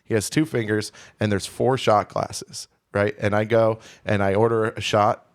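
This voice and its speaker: A man from Houston, Texas, co-hosts a podcast, and his voice is lowish with a flat delivery at a normal speed. In casual chat, he tells a candid, rambling, self-deprecating story.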